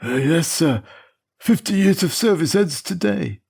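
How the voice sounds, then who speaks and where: Guy putting on a shaky old chauffeur, stammery and nervous, voice pushed up high. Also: expressive, a little slow, gravelly, a little mellow, husky, full character voice. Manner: hesitant, stammering. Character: nervous old male chauffeur, timid and eager.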